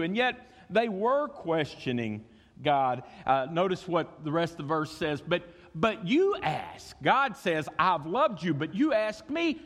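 Animated high-voiced preacher. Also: male voice, unhurried. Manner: animated preaching, acts out voices, repeats words. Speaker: pastor. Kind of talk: sermon. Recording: long reverb of a church hall.

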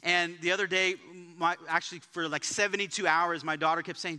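A man preaching a sermon as pastor, talking in a casual, energetic way, with jokes and personal stories. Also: sits high, fairly quick, few pauses, smooth. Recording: live church sanctuary with long reverb.

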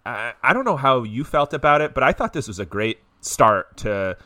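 A man co-hosting a podcast, talking in a relaxed, rambling way with plenty of fillers. His voice is bright and forward, recorded dry and close. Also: mid-range voice, moderate pace, dry recording. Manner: conversational, hedging with fillers. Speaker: podcast co-host. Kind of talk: casual chat.

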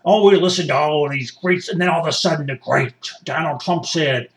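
A man playing an excitable, folksy rural rioter who rambles and boasts as a guest in a satirical mock interview. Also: a little high, fairly quick, far from the mic. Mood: fired up.

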